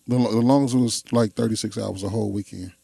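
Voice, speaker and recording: Animated man telling a story. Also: fairly low pitch, quick pace, creaky, breathy edge, no room sound. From Chicago. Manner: animated storyteller, acts out voices. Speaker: guest telling stories. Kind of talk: casual storytelling chat.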